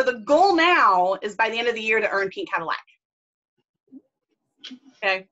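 A woman's voice: fairly high pitch, lively intonation, brisk, pushed and bright, lo-fi sound. A woman leading a team video call, enthusiastic, casual and gushing as she encourages her group. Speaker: team leader and mentor.

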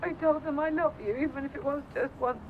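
A frightened woman in labour, as an actress plays her, clinging and tearful, her voice high. She comes through a muffled phone line with a soft hiss. She sounds alone and desperate for reassurance. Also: steady tone, fast talker, lightly acted. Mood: distraught. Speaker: caller from hospital.

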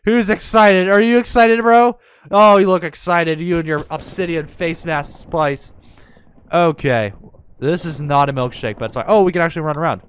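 A man with a high, smooth voice talks through his gameplay in a casual way. He lurches between panicky pleading and dry, sarcastic indifference. The sound is dry and close. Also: moderate pace, dry recording. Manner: excitable, panicky yelps and dramatic pleading; sarcastic, mock-indifferent asides. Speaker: gaming YouTuber.

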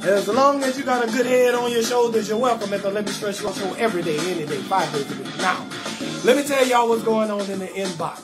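A man hosting a live comedy call-in show, telling stories loudly and animatedly, acting out both sides of conversations and cutting in with blunt refusals. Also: high-pitched, a little fast, over loud music. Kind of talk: loud storytelling comedy rant.

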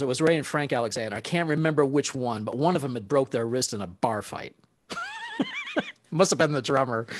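A man's voice: medium pitch, no room sound. A man, a guest saxophonist, telling stories casually and animatedly, laughing often and acting out what people said. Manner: animated, laughs often, acts out quoted speech. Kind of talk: casual storytelling.

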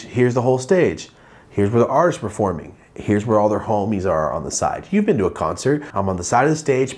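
A man spinning a story for his vlog audience, swearing freely and animatedly. His pitch sits mid-range for a man. He often jumps up high when he acts out what other people said. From Los Angeles, living there now. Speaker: vlogger telling a story.

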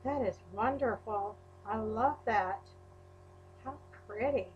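A woman's voice: a little high, slow, lo-fi sound, slight background noise. A woman unboxing a crafting package in a vlog, gushing and exclaiming over each item. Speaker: crafting YouTuber. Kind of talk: unboxing a mail package on camera.

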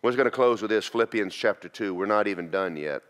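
A man teaching a church class, preaching in a folksy, animated storytelling way. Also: on the low side, quick pace. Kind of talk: sermon.

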